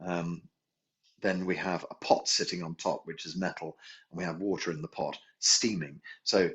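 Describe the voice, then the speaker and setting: A man's voice: low-pitched, fairly even intonation, moderate pace, fairly bright tone. A man teaching a healing class, musing aloud, correcting himself and chuckling as he goes. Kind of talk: relaxed spoken class instruction. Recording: dull lo-fi recording.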